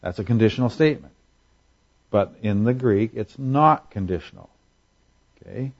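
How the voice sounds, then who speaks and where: A man's voice: on the low side, expressive, normal speed, creaky, husky, dull audio. A man preaching a sermon in a conversational way, asking rhetorical questions and acting out quotes for humor. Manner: acts out quotes in voices for humor. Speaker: pastor.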